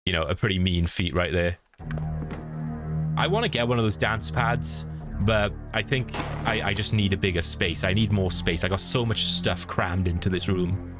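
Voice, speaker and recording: Streamer, very low voice, chatty with chat, loud game music behind. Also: male voice. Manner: chatty, greets viewers by name. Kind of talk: livestream gameplay chat. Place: home room.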